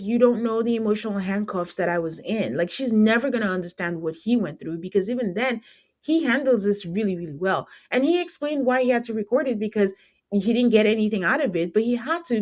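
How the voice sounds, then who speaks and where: A woman hosting a podcast, recapping reality TV in a casual, exasperated way with frequent filler words. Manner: exasperated, lively pitch swings. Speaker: podcast host.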